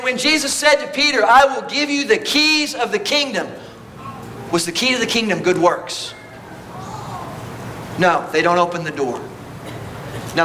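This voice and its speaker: A man's voice: high-pitched, sharp tone, slight background noise, poor audio. A man preaching a sermon at a church service, emphatic and full of rhetorical questions.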